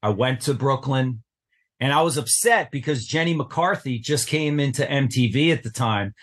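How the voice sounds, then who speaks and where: A man's voice: mid-range voice, moderate pace, fairly bright tone. Earnest middle-aged man telling his story. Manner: earnest, intense retelling with acted-out quotes. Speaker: podcast guest. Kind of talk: personal storytelling in an interview.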